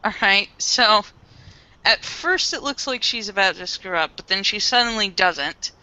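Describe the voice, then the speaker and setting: A woman narrating a tabletop role-playing game as game master, describing scenes in a measured way, on a dull lo-fi recording. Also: mid-range voice, lively intonation, sharp tone, clean tone.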